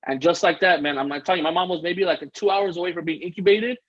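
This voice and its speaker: A man's voice: high voice, fairly even intonation, quick pace, lo-fi sound. A man telling a personal story as a podcast guest, earnest and rambling, often restarting his sentences. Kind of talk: casual interview storytelling.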